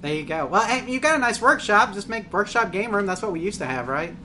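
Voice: mid-range voice, sing-song, fast talker, sharp tone, a little hiss or hum. A host in casual chat, upbeat and reassuring, reading out comments and laughing often.

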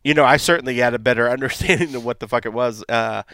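A man's voice: medium pitch, quick pace, pushed and bright, no echo. A man co-hosting a casual podcast, laid-back, laughing often and swearing freely. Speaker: podcast co-host. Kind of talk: casual chat.

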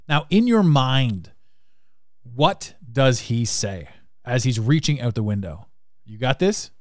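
A man hosting a podcast, answering a listener voicemail in a rambling, animated way and laughing often. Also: mid-range voice, dry recording, clean studio sound. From Canada. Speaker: podcast host. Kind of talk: casual podcast monologue.

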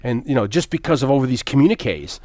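A man's voice: medium pitch, lively intonation, fast talker, darkish tone. A man co-hosting a podcast, chatting casually about a film, rambling with many fillers, restarts and some swearing. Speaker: podcast co-host. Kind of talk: casual movie discussion.

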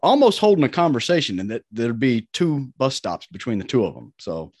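A man in his middle pitch range hosts a podcast and chats easily, trading stories of his own with his guest. His voice is recorded dry and close. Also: big pitch swings, a little fast, a little mellow, husky, no room sound. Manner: chatty, trades his own anecdotes. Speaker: podcast host. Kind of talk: casual chat.

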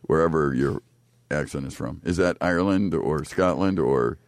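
Deep american guy on christian talk radio, chatty and jokey, dry close mic. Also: moderate pace, no echo. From United States. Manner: chatty, jokey, earnest preaching tone. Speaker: radio co-host. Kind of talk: casual faith talk-radio chat. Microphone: studio microphone.

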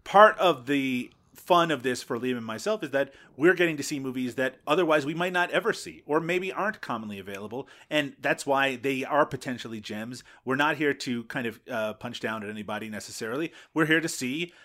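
A man's voice: medium pitch, brisk, hardly any pauses, bright, forceful tone. A man co-hosting a film podcast, speaking thoughtfully and measuredly, often hedging with "you know". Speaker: podcast co-host. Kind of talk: casual podcast chat.

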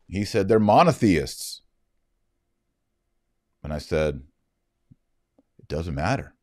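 Deep-voiced man telling an indignant story. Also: very animated, takes it slowly, long pauses, darkish tone, no room sound, clean studio sound. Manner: emphatic, indignant retelling. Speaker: Catholic commentator. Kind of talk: storytelling monologue.

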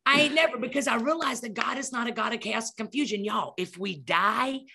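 A woman's voice: a little high, fairly quick, gravelly, bright, forceful tone, breathy edge. A middle-aged woman telling a story with emphatic, preacherly energy, acting out scenes as she goes. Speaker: podcast guest speaker. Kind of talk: animated storytelling.

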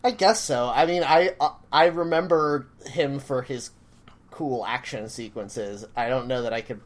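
A man's voice: medium pitch, unhurried. A man co-hosting a podcast, chatting casually in a rambling, self-deprecating way with plenty of fillers. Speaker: podcast co-host. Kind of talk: casual chat.

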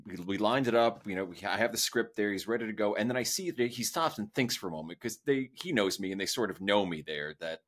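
A man hosts a relaxed interview show, his lowish voice swinging up and down with lots of energy. He jokes around and laughs easily with his guest. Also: fast, hardly any pauses. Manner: jokey, laughs often, lively delivery. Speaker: podcast host. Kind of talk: casual interview chat.

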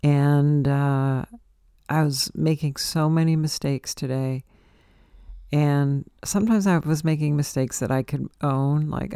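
A woman's voice: deep voice, steady tone, takes it slowly, warm tone, clear, resonant tone, dry recording, studio quality. A tired woman podcast host in a rambling, reflective spiritual monologue, breaking into exasperated quoted outbursts.

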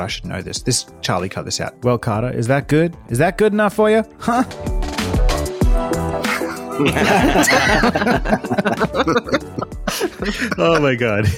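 A man hosting a casual podcast call, laughing often between lines. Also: mid-range voice. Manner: laughs often, asks guests to repeat lines for the edit. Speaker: podcast host. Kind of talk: casual group chat over a call.

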